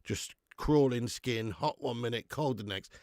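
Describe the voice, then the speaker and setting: A man's voice: medium pitch, measured pace, darkish tone, dry recording, clean studio sound. A man hosting a live football watch-along, sick with flu, talking bluntly and swearing as he banters with viewers. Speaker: football fan channel host.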